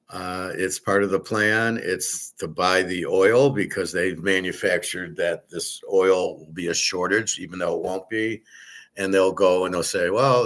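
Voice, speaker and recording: A man hosting a show, ranting bluntly and profanely in commentary. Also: low voice. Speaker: show host.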